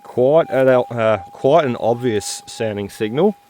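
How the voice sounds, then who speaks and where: A tired man hosting a metal detecting video, talking in a halting, rambling way full of fillers while he searches outdoors. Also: mid-range voice, dark tone, a little hiss or hum. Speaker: metal detecting channel host. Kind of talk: rambling casual vlog talk while detecting.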